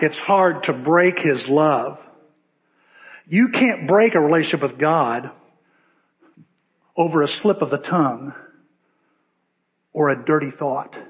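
A male pastor preaching a sermon, telling stories in a lively conversational way in a church. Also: a little high. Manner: conversational, animated storytelling. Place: church sanctuary. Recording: echoey church hall with long reverb.

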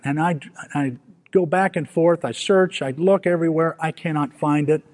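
A man preaching a storytelling sermon, animated and self-mocking, acting out the scenes he recounts. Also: a little high, moderate pace. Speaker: pastor. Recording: long hall reverb.

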